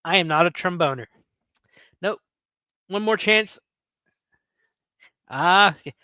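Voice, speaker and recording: A little slow and given to long pauses, a man in his late thirties talks casually with his livestream viewers, telling rambling stories and joking with chat. His voice is on the high side, bright and forceful, with no echo.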